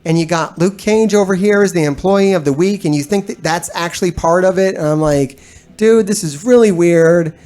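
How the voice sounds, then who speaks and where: A man with a high, somewhat dark voice talks fairly quickly with few pauses. He's a gaming streamer and video host chatting casually with his live chat, delivering a blunt, profane, exasperated rant that rambles, restarts itself and breaks into frequent laughter.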